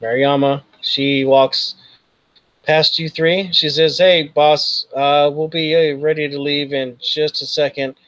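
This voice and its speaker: A man's voice: on the high side, little pitch movement, slow pace, fairly bright tone, no room sound, rough recording. A man narrating as game master, loosely and with many fillers. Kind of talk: narrating a tabletop role-playing game.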